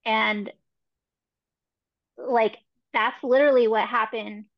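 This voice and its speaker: A woman hosting a podcast, reflecting in a relaxed, encouraging way with many fillers. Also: on the high side, slow, no echo. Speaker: podcast host. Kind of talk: casual interview chat. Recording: dry, dull lo-fi sound.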